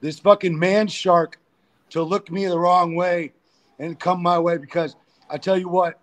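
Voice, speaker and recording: A man's voice: high voice, a little slow. A man, a pro wrestler guest, telling crude, profane backstage stories in a casual interview. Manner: profane, animated storyteller.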